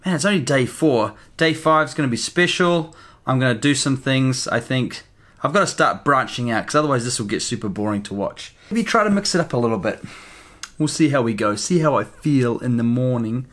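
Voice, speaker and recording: Excitable man vlogging from a hotel room. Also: mid-range voice, brisk. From New Zealand. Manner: excitable, laughs often, chatty. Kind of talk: casual vlog to camera. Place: hotel room during quarantine.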